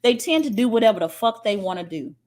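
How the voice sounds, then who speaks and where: A woman's voice: fairly high pitch, lively intonation, fast, darkish tone. A woman giving a spiritual teaching talk in a blunt, profane and emphatic way, often checking in with "okay?".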